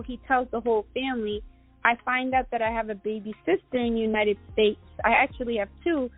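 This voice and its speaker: Woman telling a long story over a tinny call. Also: fairly high pitch. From Guatemala. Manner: rambling, many fillers and restarts. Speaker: guest entrepreneur. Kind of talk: interview storytelling.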